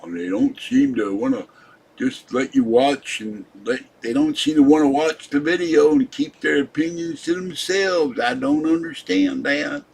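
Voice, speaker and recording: Casting note: older male live-stream host, husky voice, cranky and grumbling at his viewers. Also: fairly high pitch, a little slow, a little mellow. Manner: irritable, scolding viewers in the chat. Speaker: livestream host. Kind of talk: rambling live-stream chat.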